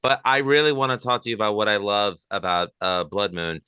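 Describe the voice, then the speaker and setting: A man's voice: lowish voice, lively intonation, fairly quick, pushed and bright, smooth, dry recording. A middle-aged man hosting a casual podcast interview, rambling with fillers and restarts. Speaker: podcast host.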